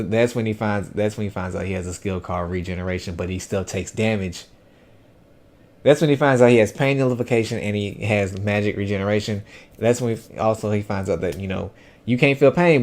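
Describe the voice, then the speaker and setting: A man gives a casual first-impressions review of an anime, talking fairly quickly in a fairly low voice. He's chatty and animated, rambling loosely with lots of fillers and restarts.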